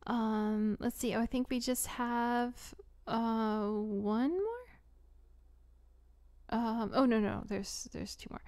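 A young adult woman hosting a casual live Q&A, giggly and rambling, often dropping into soft whispery asides. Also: a little high, slow pace. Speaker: audio creator hosting a live Q&A. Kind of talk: casual livestream chat.

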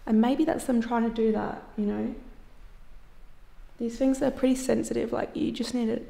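Female paranormal vlogger, hushed and chatty, fairly high with vocal fry. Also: steady tone, moderate pace. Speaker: paranormal investigator. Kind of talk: casual vlog narration. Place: old hospital room.

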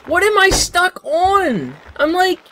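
High-pitched yelping male gamer. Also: big pitch swings, slow pace. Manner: yelps, shouts and laughs, swears often. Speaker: gaming YouTuber. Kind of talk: excited let's-play commentary.

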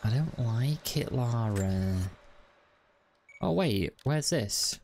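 A man's voice: medium pitch, expressive, drawn-out words, creaky, a little mellow, slight background noise. A man giving casual, wry let's-play commentary and chatting to the game. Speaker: gaming video host.

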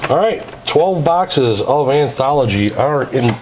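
A man's voice: mid-range voice, animated, moderate pace, noisy background. A man casually narrating as he opens packs of trading cards, reading out each card's details in a methodical way. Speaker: card break host.

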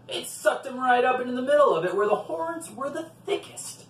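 A man reading a folktale aloud in an expressive storytelling manner. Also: extremely high pitch, moderate pace, hardly any pauses, slight background noise. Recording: roomy, from a distant mic.

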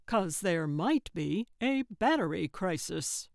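A woman's voice: fairly low pitch, lively intonation, takes it slowly, vocal fry, a little mellow, no room sound, exaggerated voice. A woman voicing an exasperated, dry-witted male sidekick in an audiobook, speaking with weary sarcasm. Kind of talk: audiobook character voice.

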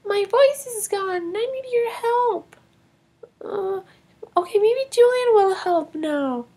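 A woman voicing a worried little girl in a toy film, speaking in a high, childlike way. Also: lively intonation, slow, dark tone, full character voice. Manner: worried and pleading. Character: little girl who has lost her voice.

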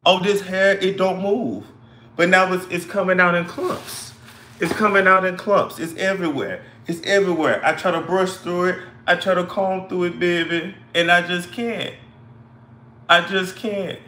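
Bright, rambling hair-glue woman played by a coughing man in a roomy space, leans on "baby". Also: sits high, fairly even intonation, a little hiss or hum. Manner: rambling, drawn-out "baby" and "you know". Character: ditzy woman who glued her hair, rambling. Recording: echoey room.

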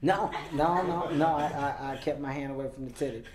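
A man's voice: a little high, a little fast, crowd noise. A man with an American accent, a comedian being interviewed, who answers confidently and laughs easily. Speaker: comedian guest. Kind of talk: promotional interview. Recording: echoey room with faint noise.

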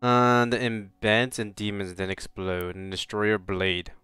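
A man casually commenting on a game he plays, rambling, swearing and bursting out loud. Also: lowish voice, fairly even intonation, unhurried, clean tone, dry recording. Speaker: let's play host.

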